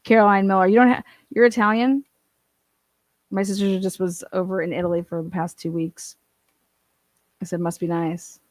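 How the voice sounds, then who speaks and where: A woman's voice: mid-range voice, level tone, moderate pace, pauses often, no echo. A woman hosting a casual livestream, chatting and reading out viewer comments, swearing and laughing often. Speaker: livestream host reading chat.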